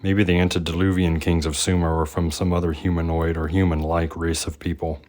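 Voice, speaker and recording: A man with a very low voice reads a scripted history voice-over. His delivery is measured and even, musing over open questions. He sounds like a solo channel narrator.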